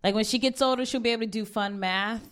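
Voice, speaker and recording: A woman's voice: a little high, steady tone, quick pace, a bit bright. Laid-back woman doing stand-up. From Ohio, US. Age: 30s. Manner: laid-back, wry, with many fillers. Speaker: stand-up comedian. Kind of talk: stand-up comedy set. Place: stage before a live audience.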